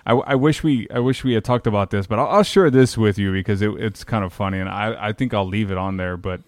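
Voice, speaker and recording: A man's voice: on the low side, fast, no room sound. A man, telling a rambling, profane story in casual chat. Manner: rambling storyteller, swears freely.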